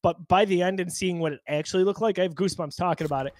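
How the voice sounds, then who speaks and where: A man hosting a podcast in casual chat, thoughtful and halting, with frequent restarts. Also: sits high, darkish tone, no echo. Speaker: podcast host.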